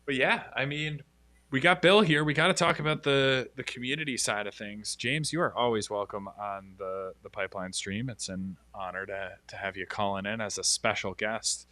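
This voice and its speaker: A man co-hosting a casual livestream chat, upbeat and quick to laugh, often restarting his sentences. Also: lowish voice, sharp tone, dry recording. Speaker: stream co-host.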